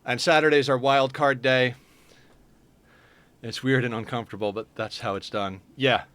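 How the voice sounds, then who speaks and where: Guy streaming a game, just chatting with his viewers, regular mid-pitched voice. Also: steady tone, normal speed, a bit bright, no room sound. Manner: chatty, answers viewer chat while playing. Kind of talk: casual live-stream chat.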